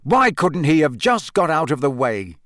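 A man's voice: fairly high pitch, sing-song, moderate pace, a bit bright, dry recording, clean studio sound, voice pushed up. A man voicing a troubled, earnest teenage boy in an audiobook, speaking wearily with some bitterness. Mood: weary. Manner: earnest, weary, a bit dull and bitter. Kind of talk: audiobook character voice.

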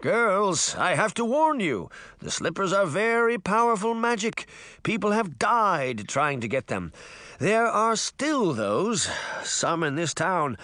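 Male narrator doing a grumbling magic-mirror butler, prim, pitched up, animated. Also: slow, no echo, heavily acted. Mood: grave warning. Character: fussy, stern magic mirror servant, a short man. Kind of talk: audiobook character voice.

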